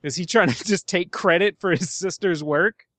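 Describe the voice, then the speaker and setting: A man's voice: high-pitched, moderate pace, fairly bright tone, no echo. A man co-hosting a casual movie podcast, rambling and laughing as he talks. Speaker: podcast co-host.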